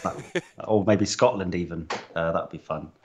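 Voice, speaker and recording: Brief: lower-voiced man, joking podcast co-host, relaxed banter. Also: normal speed, noisy background. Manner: joking, laughs often, relaxed. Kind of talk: casual chat.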